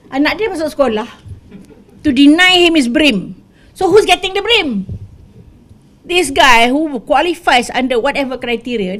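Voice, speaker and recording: Animated Malaysian woman mixing English and Malay. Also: high-pitched. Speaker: guest speaker, former MP. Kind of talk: business school talk. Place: studio.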